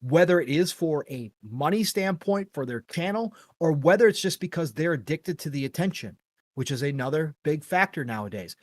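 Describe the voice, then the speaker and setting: A man's voice: on the high side, lively intonation, normal speed, dry recording. A middle-aged man hosting a gaming podcast, talking in an earnest, rambling, opinionated way with casual swearing. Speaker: podcast host.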